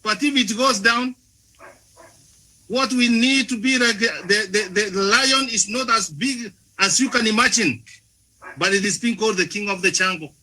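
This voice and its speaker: A man's voice: high voice, a little slow, sharp tone, low-quality recording. A man speaking at a panel forum, making an impassioned speech full of rhetorical questions, often restarting his words and turning to the moderator by name. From Africa. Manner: frequent restarts and repeated words.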